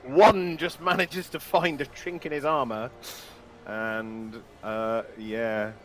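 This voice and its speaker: A man playing a tabletop game, giggly and expressive as he describes his turn. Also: mid-range voice, slow pace. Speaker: player.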